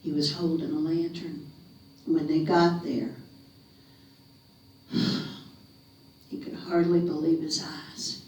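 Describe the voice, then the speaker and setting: Slow, dramatic woman folk storyteller from North Carolina, hushes for suspense; heavy echo, distant camera mic. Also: low voice, flat delivery. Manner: dramatic, slows and drops to a whisper for suspense. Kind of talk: theatrical ghost-story telling. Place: living room of a retirement community. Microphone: room camera mic at a distance. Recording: echoey room, mic far off.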